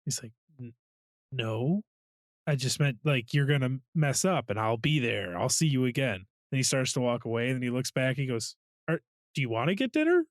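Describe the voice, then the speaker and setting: A man's voice: medium pitch, normal speed, dry recording, studio quality. A man co-hosting a podcast in casual chat, laughing often as he retells movie scenes. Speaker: podcast co-host.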